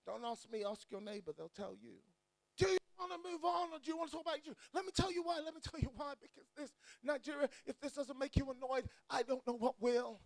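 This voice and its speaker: A man preaching an energetic sermon to a crowd, often shouting. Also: very high-pitched, quick pace, creaky. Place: church or event hall.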